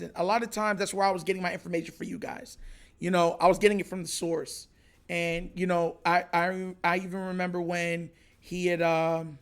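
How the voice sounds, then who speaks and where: A man hosting his own podcast, telling a story casually and acting out excited moments. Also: on the high side, gravelly. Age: adult. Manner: animated, retells others' lines with raised excited voice. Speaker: podcast host.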